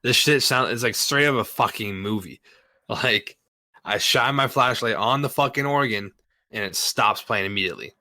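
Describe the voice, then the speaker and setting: A man's voice: fairly low pitch, normal speed, dry recording. A man casually retelling a story, full of swearing and fillers. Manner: profane, filler-heavy, animated retelling.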